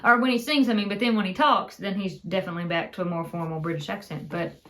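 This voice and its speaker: A young woman with an Appalachian mountain accent, chatting as a co-host in an animated, joking way. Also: mid-range voice, fast. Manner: animated, jokes and does voices. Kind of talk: casual chat.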